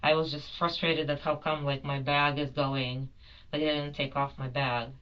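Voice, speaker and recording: A woman's voice: low-pitched, little pitch movement, moderate pace, a bit bright, dull audio. A woman giving a rambling, apologetic account in a police interview, full of fillers. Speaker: detained airline passenger.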